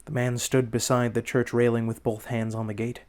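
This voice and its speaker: A man narrating a classic horror story in the first person, with measured, dramatic pacing. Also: mid-range voice, level tone, a little mellow. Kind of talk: audiobook narration.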